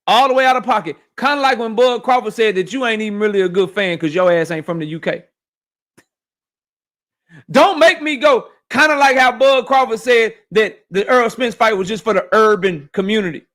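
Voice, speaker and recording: A man with a high, bright, forceful voice hosts a boxing livestream, reading his chat and answering it in loose, heated commentary. His rants are rapid, animated, and profane.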